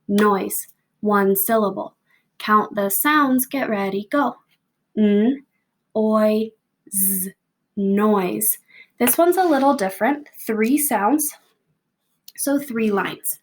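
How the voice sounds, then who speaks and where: A young American woman teacher recording a patient, step-by-step spelling lesson for families. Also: fairly high pitch. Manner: patient, slow, step-by-step prompting. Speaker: second grade teacher. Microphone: home video recording.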